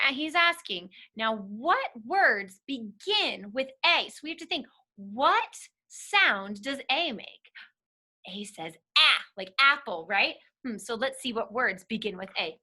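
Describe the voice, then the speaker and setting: Woman doing a kids' read-aloud, high bouncy voice, takes it slow. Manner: sing-song, animated, sounding out letters with playful gasps and laughs. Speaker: teacher reading aloud to children.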